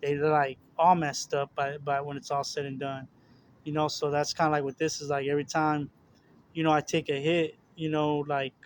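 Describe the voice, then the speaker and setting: A man's voice: fairly high pitch, flat delivery, moderate pace, a little hiss or hum. A young man talking casually and earnestly about his spiritual struggles, rambling with repeated words, fillers and restarts. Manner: earnest, confessional. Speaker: religious video host.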